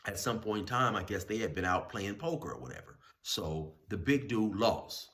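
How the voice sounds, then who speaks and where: Low-voiced man, laid-back host spinning a rambling story in street slang. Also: animated, normal speed, fairly bright tone. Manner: rambling, loose street slang, many fillers and restarts. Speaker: channel host telling prison stories. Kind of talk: casual spoken storytelling.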